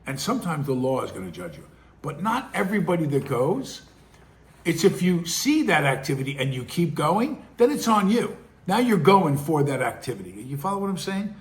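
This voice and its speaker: A man's voice: fairly high pitch, big pitch swings, normal speed. A middle-aged man, hosting his own show with casual, rambling commentary full of restarts and acted-out quotes. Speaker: podcast host.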